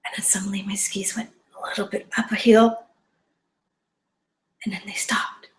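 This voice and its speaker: A woman's voice: mid-range voice, level tone, moderate pace, reverberant. A woman telling a personal story to an audience, earnest and vivid, sometimes dropping to a whisper. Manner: earnest and vivid, drops to a whisper at tense moments.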